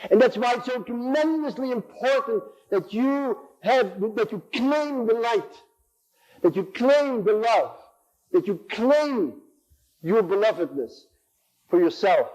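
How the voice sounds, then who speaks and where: A man's voice: very high voice, expressive, takes it slowly, a little mellow, low-quality recording. A man in his sixties giving an impassioned sermon in a church, building on repeated phrases and acting out inner voices. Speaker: preacher.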